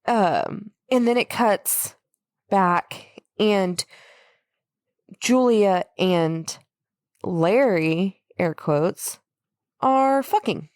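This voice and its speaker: A woman's voice: mid-range voice, very slow, long pauses, darkish tone, dry recording, studio quality. A woman co-hosting a podcast, casually recapping a horror film, laughing often and playfully acting out lines. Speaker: podcast co-host.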